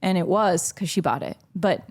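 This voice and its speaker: A podcast guest from Miami tells childhood stories in casual chat, laughing often and acting out the quotes as an animated storyteller. Her voice is lowish, with a breathy edge and a moderate pace.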